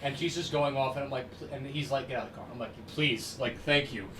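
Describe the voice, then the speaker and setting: A man tells rowdy stories in a loose, profane, animated way. His voice sits back from the microphone in a roomy space, and steady noise runs behind him. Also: mid-range voice, fast. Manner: animated, profane, laughing storyteller. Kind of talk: casual storytelling. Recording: distant roomy mic with background noise.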